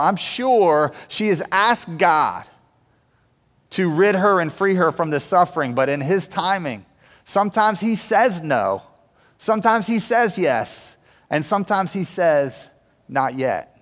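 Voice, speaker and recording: A man's voice: high voice, animated, measured pace, fairly bright tone, big-room sound. A man preaching a sermon to his church in a conversational way, often asking the room "right?". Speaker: pastor.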